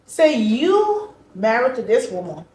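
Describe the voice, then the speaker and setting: A woman telling a personal story as an interview guest, animated and acting out the voices she quotes. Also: a little high, measured pace. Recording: echoey room, far from mic.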